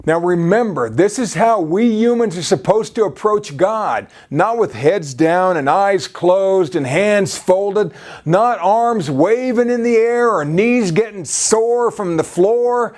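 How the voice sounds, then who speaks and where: A man's voice: sits high, lively intonation, slow pace, darkish tone. A male preacher delivering a sermon, peppering his talk with "you see" and frequent restarts.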